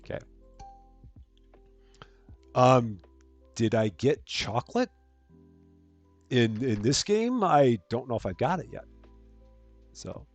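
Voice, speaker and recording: A chatty man hosts a live stream, chatting casually as he plays and greeting viewers by name. His pitch swings in a lively way. The sound is dry and close, with faint music behind him. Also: slow pace, long pauses, no echo. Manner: chatty, reads out jokes and greets chat viewers. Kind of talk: casual gameplay commentary.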